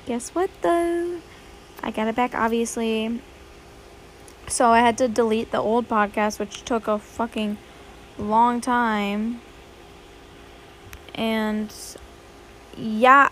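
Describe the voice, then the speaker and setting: Young woman ranting on her podcast, swears constantly, slow drawl, bit of hiss behind. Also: a little high, fairly even intonation, a bit bright. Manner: profane, rambling, dramatic. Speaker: podcast host. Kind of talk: casual solo podcast chat.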